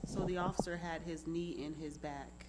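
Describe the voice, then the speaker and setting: A woman, niece of the man she speaks about, recounting events in close detail in an interview, steady and deliberate. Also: low-pitched, heavy background noise. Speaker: family member telling her account.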